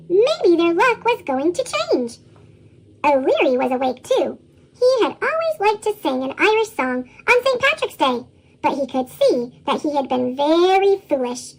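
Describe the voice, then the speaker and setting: Woman reading a story in chipmunk voice. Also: normal speed. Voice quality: chipmunk-style pitched-up voice. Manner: lively, expressive reading. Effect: chipmunk pitch shift. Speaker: storybook reader. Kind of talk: read-aloud children's story.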